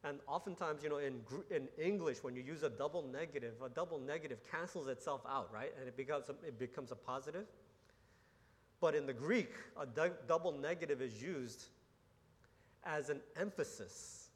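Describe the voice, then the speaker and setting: A man preaching a sermon, his voice a bit higher than most men's. He teaches earnestly, restarting phrases and tossing out rhetorical questions. A long reverb trails off his words in a large church hall. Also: moderate pace. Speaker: pastor.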